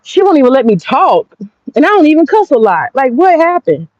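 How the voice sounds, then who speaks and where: Brash, profane high-voiced woman streamer. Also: big pitch swings, a little fast, no echo. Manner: brash, profane, laughing, talking straight to viewers. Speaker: streamer and commentator. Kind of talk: casual gossip commentary. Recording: dull lo-fi dry sound.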